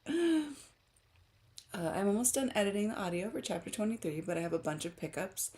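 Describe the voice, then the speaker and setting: A woman's voice: medium pitch, quick pace, darkish tone. Chatty, giggly woman streamer. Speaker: author streamer. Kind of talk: casual livestream chat with viewers.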